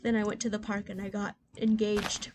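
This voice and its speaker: At a normal speed and medium pitch, a twenty-something gaming host talks loosely over her video game, leaning heavily on fillers. She swings between soft reflection and excited, loud bursts while her keyboard and mouse are plainly audible.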